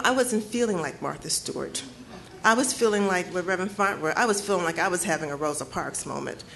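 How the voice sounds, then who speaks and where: A woman's voice: mid-range voice, gravelly, fairly bright tone, a little hiss or hum. Earnest middle-aged woman telling her story. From Detroit, United States. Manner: measured, earnest storytelling with slow emphatic phrases. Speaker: author speaking at her book launch. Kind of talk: personal storytelling speech. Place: cafe event space with audience.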